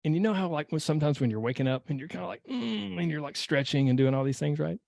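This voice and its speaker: A man hosting a podcast, telling a personal story in a casual, animated way and acting out his own inner voice. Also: on the high side, very fast, vocal fry, dry recording, studio quality. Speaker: podcast host and weight-loss coach.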